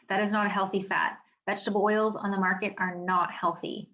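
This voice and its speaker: A chatty woman teaching a wellness seminar from home, talking emphatically and filling pauses with "um" and "you know". Her voice sits at an everyday middle pitch. The recording is a little dull and muffled. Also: fairly even intonation, a bit bright. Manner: chatty, emphatic, frequent fillers. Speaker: wellness educator. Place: home office.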